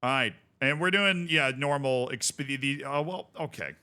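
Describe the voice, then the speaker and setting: A man's voice: mid-range voice, moderate pace, sharp tone, clear, resonant tone. A man streaming a game, chatting casually with viewers in rambling, jokey asides. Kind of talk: casual gaming stream chat.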